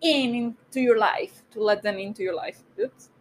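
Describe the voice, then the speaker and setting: Woman chatting with her partner, teasing, lots of "like", higher voice, light hiss. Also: expressive, moderate pace. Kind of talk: casual chat.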